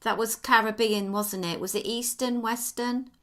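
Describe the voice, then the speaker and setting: British woman, podcast host, bright forceful tone, chatty and reassuring. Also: a little high, steady tone, moderate pace. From Britain. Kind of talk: casual podcast chat.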